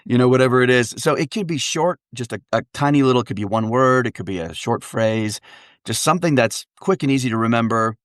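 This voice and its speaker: Male dialect coach guest, mid pitch, dry close mic, upbeat and laughing often. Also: expressive, fast talker, dry recording. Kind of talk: casual interview chat.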